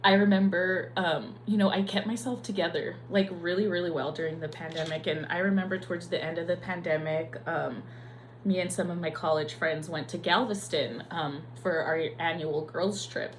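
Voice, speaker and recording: A woman's voice: lowish voice, fairly even intonation, moderate pace, a little hiss or hum, low-quality recording. A young adult woman, a nurse, speaking in a candid, profane and emotional personal vlog.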